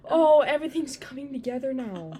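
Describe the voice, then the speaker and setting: A woman's voice: high voice, expressive, fairly quick, dark tone, a little hiss or hum. A woman co-hosting a casual chat, rambling along with plenty of "like" fillers. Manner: chatty, rambling, lots of "like" fillers.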